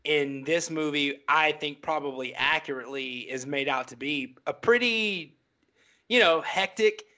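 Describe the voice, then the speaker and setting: A man's voice: on the high side, a little slow, sharp tone. A man co-hosting a podcast, enthusiastically recounting film scenes in casual chat. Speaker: podcast co-host.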